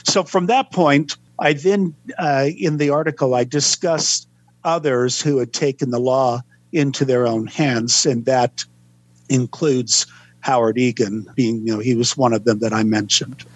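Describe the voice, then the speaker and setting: A man, a historian guest on a podcast, recounting events in a measured, unhurried way with frequent pauses. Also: medium pitch, fairly even intonation, no room sound. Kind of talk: podcast interview storytelling.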